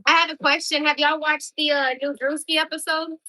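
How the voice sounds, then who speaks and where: A woman's voice: high-pitched, flat delivery, brisk, pushed and bright, poor audio. A woman in her twenties chatting casually on a livestream, answering viewer comments in a blunt, outspoken way and swearing freely.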